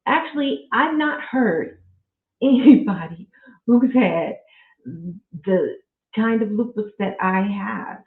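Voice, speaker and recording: Slow-talking woman on a phone-like echoey line. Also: mid-range voice, expressive. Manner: slow, heartfelt, with religious exclamations. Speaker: podcast host. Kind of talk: casual faith-based personal talk. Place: at home. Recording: echoey room, phone-like audio.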